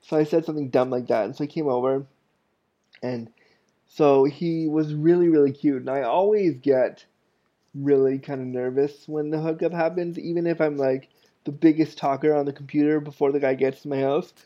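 A man's voice: on the high side, steady tone, normal speed, lo-fi sound. A man in his thirties hosting a podcast, telling candid, self-mocking stories in a casual, chatty way. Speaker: podcast host. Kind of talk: casual storytelling monologue.

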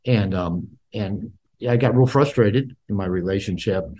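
A man's voice: lowish voice, normal speed, mellow, slight background noise. An older man in an interview, a therapist and author, telling his personal story candidly and reflectively, with many fillers and restarts.

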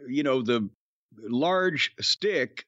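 A man co-hosting a podcast in profane, gruff, sarcastic casual chat. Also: mid-range voice, lively intonation, very slow, bright, forceful tone, no room sound, lo-fi sound. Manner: gruff, sarcastic, bursts into mock singing. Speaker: podcast co-host.

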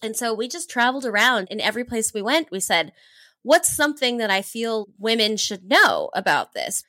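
A woman from Hawaii in her thirties, a guest in an interview, telling her travel stories with real enthusiasm. Her voice is bright and a little high, and she laughs often as she acts out what she was thinking at the time. The sound is dry and close. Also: big pitch swings, moderate pace, no room sound. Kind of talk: animated storytelling in an interview.

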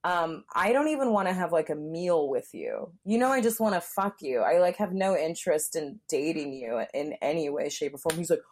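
A woman's voice: low-pitched, big pitch swings, brisk, hardly any pauses, darkish tone. Frank, chatty young woman telling a story. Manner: candid and frank, many fillers, acts out quotes. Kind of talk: casual chat.

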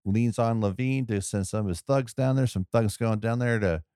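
A man's voice: mid-range voice, normal speed, warm tone, clear, resonant tone, no room sound, clean studio sound. A man co-hosting a podcast, chatting casually about a movie, rambling and restarting his thoughts. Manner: rambling, restarts mid-thought, laughs often. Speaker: podcast co-host.

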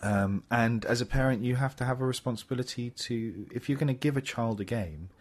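A man's voice: mid-range voice, a little fast. A man co-hosting a casual gaming chat show, talking in a rambling, explanatory way with many fillers.

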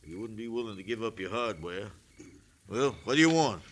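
A gruff frontier rancher. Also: male voice, on the low side, animated, brisk, a bit bright. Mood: wary. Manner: folksy drawl. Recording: old radio recording with music.

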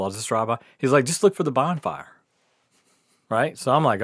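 Animated, laughing man telling a story. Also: medium pitch, fairly quick, no echo, studio quality. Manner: animated, laughing, swears often, acts out quotes. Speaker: podcast guest storyteller. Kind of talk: casual storytelling.

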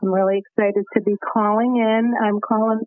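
A woman's voice: mid-range voice, flat delivery, normal speed, no room sound. A woman with a thick Boston accent calls in to a radio show over a thin, phone-like line. She talks eagerly and earnestly. The sound is dry, with no room around her voice. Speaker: caller. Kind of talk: call-in radio chat.

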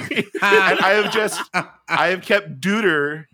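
A man telling a comedic story on a podcast, animated and swearing freely. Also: high voice, slow, no echo, clean studio sound. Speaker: podcast co-host.

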